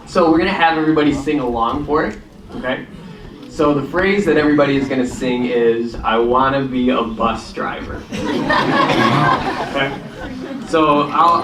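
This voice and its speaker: A man's voice: medium pitch, heavy background noise. Man telling a story in an echoey hall. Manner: relaxed, chatty, self-deprecating. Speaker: storyteller and guitarist. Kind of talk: casual storytelling to an audience. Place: congregation hall. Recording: echoey hall, distant mic, guitar.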